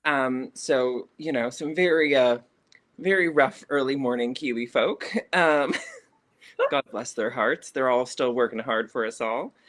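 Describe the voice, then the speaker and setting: A man's voice: medium pitch, lively intonation, unhurried, fairly bright tone. A man with a Canadian accent co-hosting a casual livestream, wry and joking. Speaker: co-host.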